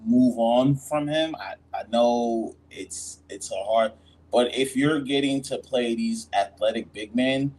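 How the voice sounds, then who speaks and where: A man's voice: mid-range voice, slow pace, darkish tone, low-quality recording. A man hosting a sports podcast, giving blunt, slangy takes on players and leading the next topic. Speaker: podcast host. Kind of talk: casual sports chat.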